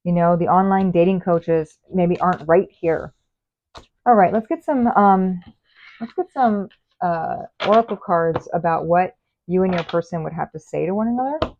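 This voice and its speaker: A woman's voice: lowish voice, moderate pace, slight background noise. A woman giving a casual tarot reading, chatty and rambling as she talks straight to the viewer. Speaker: tarot reader. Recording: phone-like narrow sound.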